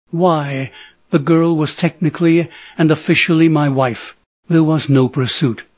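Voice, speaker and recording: Male audiobook narrator, steady measured read, slightly high voice. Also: no room sound. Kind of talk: scripted narration.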